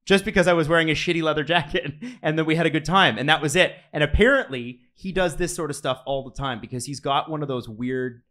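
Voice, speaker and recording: A man in his thirties, co-hosting a casual podcast chat and telling animated stories with frequent laughs. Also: a little high, quick pace, few pauses. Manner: animated storyteller, laughs often. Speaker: podcast co-host.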